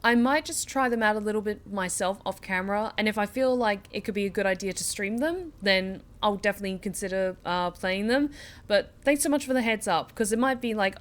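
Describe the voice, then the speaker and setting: A woman's voice: mid-range voice, brisk. Chatty woman game streamer. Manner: chatty, thanks chat, self-reassuring. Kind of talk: casual let's-play chat.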